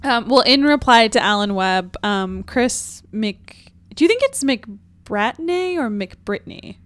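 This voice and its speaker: A woman's voice: fairly high pitch, lively intonation, takes it slowly, dry recording. A woman co-hosting a podcast, reading out listener tweets in a casual, easygoing way with lots of "um"s. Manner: easygoing, starts lines with "um", laughs readily. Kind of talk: casual chat.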